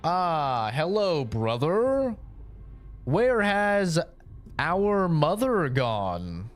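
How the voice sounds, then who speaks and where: A man's voice: fairly high pitch, very animated, extremely slow, faint music behind, pitched above the performer's own voice, heavily acted. A man mimicking stiffly formal siblings from badly written fiction, in a mock-theatrical, over-polite way. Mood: stilted mockery. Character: stiffly formal, stilted siblings from bad writing.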